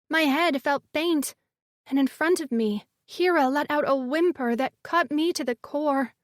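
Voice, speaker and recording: A woman's voice: high-pitched, dry recording, clean studio sound. A woman reading first-person audiobook narration with emotive storytelling.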